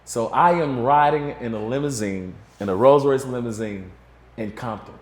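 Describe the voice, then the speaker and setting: A man's voice: mid-range voice, normal speed. A man in his forties, a guest in an interview, telling a long story in a casual, rambling way full of "you know". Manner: rambling, filler-heavy, restarts with "you know". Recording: roomy echo.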